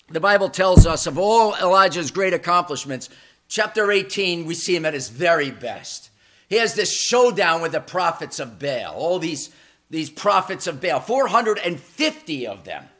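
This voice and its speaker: A man preaching a sermon in a church. He is dramatic and emphatic, repeats words as he builds momentum, and swings between loud peaks and hushed, low passages. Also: very animated, unhurried. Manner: dramatic and emphatic, with swells and drops in volume.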